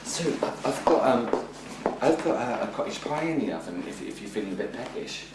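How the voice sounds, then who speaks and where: A man's voice: medium pitch, expressive, a little fast, natural voice. An actor playing a shy, awkward man who stammers and hesitates nervously. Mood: timid. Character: shy, awkward male neighbour, stammering and timid. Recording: echoey room from a distance, noisy.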